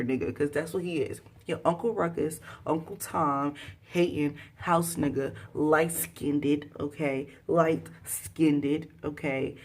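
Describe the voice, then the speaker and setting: A woman recapping a TV episode in a casual, slangy way, talking straight to her viewers and breaking into loud exclaiming at times. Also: deep voice. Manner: chatty, slangy, addresses viewers directly. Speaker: TV episode reviewer.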